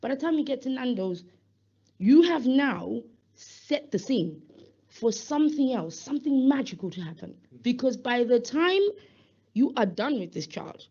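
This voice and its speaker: A woman's voice: mid-range voice, husky. A woman giving a safeguarding talk, telling stories and acting out bits of dialogue. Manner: lively storytelling, acts out dialogue with laughs. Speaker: safeguarding speaker. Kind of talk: animated talk at a webinar. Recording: muffled lo-fi audio.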